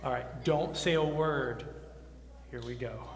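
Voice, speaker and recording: A man's voice: mid-range voice, slow, a little hiss or hum. A man performing as a stage magician, teasing his volunteers with playful patter before a live audience. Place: large roomy hall before a live audience. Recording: echoey hall recording with faint music.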